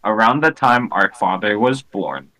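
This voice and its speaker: A young man joking around with friends during a movie commentary. His voice is bright and forward, and he keeps the chat playful and quick to laugh. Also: on the low side, animated, low-quality recording. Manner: jokey, laughing, playful bits.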